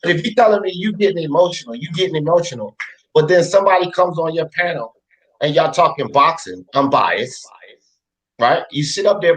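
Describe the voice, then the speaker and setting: A man rants on his live panel show. His voice sits high and swings widely in pitch. He gets heated and profane, repeating lines to drive them home. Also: animated, normal speed, rough recording. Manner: fired up, repetitive, profane. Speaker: host of a boxing talk show.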